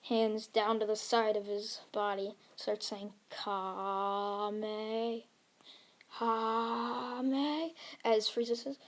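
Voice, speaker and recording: A woman's voice: mid-range voice, level tone, normal speed, hardly any pauses. A woman narrating an improvised fan-fiction story, rambling along with frequent restarts. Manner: rambling, with many restarts and fillers.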